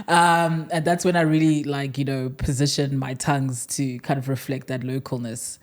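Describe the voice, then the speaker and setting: A woman's voice: deep voice, steady tone, normal speed, few pauses. A South African woman whose accent has a slight American tinge, chatting as a podcast guest, with frequent laughs, fillers and restarts. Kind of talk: casual podcast chat.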